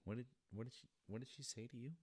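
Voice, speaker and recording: A man's voice: mid-range voice, fast talker, a little mellow, dry recording. A man hosting a casual livestream chat, joking in a dry, easygoing way. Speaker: host.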